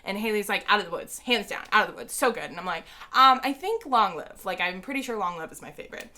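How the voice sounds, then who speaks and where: Young woman, bright crisp voice, casual storytime vlog, excitable and rambling. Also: medium pitch, fast. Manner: excited rambling with many fillers. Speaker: vlogger.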